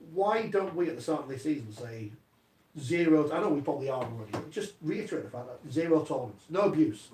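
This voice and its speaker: A man co-hosting a casual sports chat show, quick and jokey in his banter. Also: medium pitch, darkish tone. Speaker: co-host. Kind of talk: casual radio-style chat. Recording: roomy studio audio from a distance, faint background.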